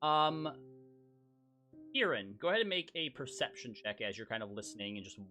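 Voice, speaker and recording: A man narrating as game master in a relaxed way, with fillers. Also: mid-range voice, moderate pace, faint music behind.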